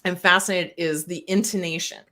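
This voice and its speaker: A woman co-hosting a podcast she also produces, chatting casually. Her voice sits a little low for a woman, and she gets animated when she acts out examples, laughing along. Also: fairly quick. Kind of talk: casual chat.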